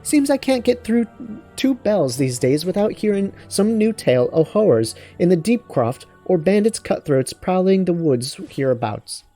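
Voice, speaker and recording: A chatty woman merchant from a fantasy game, voiced by a man pitched way up with a put-on British lilt. The tone stays soft and mellow beneath the raised pitch, gossipy and friendly as she grumbles about the dangers nearby. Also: big pitch swings, normal speed, soft background music. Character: chatty woman merchant, high and sing-song.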